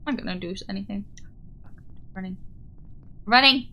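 A woman live streaming as she plays a game, chatting casually with viewers, excitable and giggly, squealing when startled. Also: medium pitch, a little slow, creaky, slight background noise.

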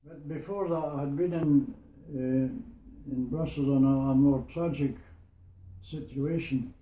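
A man's voice: medium pitch, unhurried. Man, 90s, Scottish accent, rambling reminiscence, echoey room, tinny narrow sound. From Scotland. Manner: rambling storyteller, repeats "I says". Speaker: war veteran interviewee. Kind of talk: oral history reminiscence.

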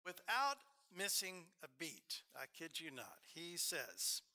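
A man's voice: a little high, sing-song, slow. A man with an Alabama accent giving a eulogy at a memorial service in a church, telling stories with frequent fillers and asides. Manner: storytelling, warm asides, hesitant fillers. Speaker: officiant.

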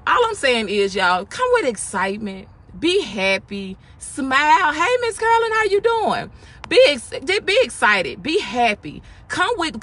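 A woman hosting a casual devotional talk, speaking with excitement and emphatic repetition. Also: a little high, breathy edge. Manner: excited, emphatic, with repeated phrases.

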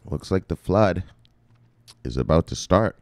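Deep-voiced man preaching about crypto. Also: lively intonation, measured pace, darkish tone, no echo. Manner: preachy storytelling, crude and joking. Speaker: crypto video host. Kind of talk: mock-sermon crypto commentary.

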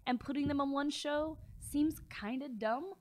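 A woman co-hosting a wrestling talk show in casual chat, opinionated and quick to laugh. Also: high voice. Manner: opinionated, chatty, laughs easily.

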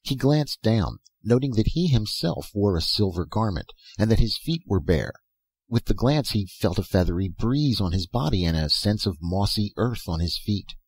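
A man reading fiction aloud as an audiobook narrator, in a measured, even reading style. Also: on the low side, husky, dry recording. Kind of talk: scripted narration.

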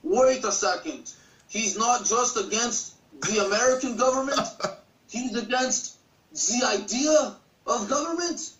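A man's voice: very high-pitched, animated, a bit bright, a little hiss or hum, full character voice. A man doing a bad fake-Russian TV boss. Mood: suspicious. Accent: mock Russian accent. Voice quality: deliberately bad put-on accent. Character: Russian TV executive, male, suspicious. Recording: distant echoey roomy sound.

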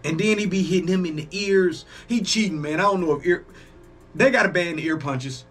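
A man hosting a reaction video, talking casually, excitable and profane, exclaiming often. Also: sits high, a little fast, faint music behind.

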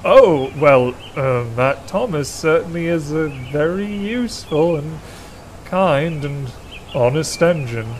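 A man's voice: mid-range voice, expressive, normal speed, a little hiss or hum, natural voice. A man voicing a pompous big male steam engine who turns stammering and flustered while trying to sound grandly polite.

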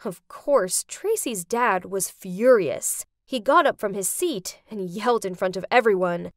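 A young woman narrating an animated story in the first person, dramatic and expressive. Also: medium pitch, unhurried, few pauses, no echo, studio quality.

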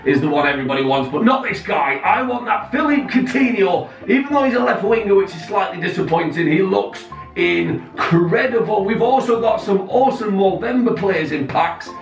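A man hosting a gaming video, giving excited pack-opening commentary, often shouting and swearing at the game. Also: high voice, normal speed, gravelly, few pauses. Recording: roomy distant mic with faint music.

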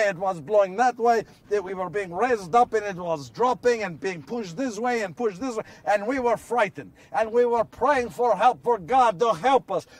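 A man's voice: sits high, far from the mic. A man playing an earnest apostle who recalls miracles in a first-person monologue, telling the story and asking his listeners questions, recorded outdoors. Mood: urgent. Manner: storytelling, rhetorical questions to listeners, builds to shouts. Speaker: actor in a one-man biblical monologue. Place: outdoors on location.

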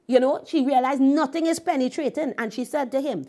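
A woman's voice: high-pitched, fairly quick, hardly any pauses, dark tone. A woman hosting a devotional show, teaching and telling stories with emphatic delivery. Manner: emphatic storytelling. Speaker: host and minister.

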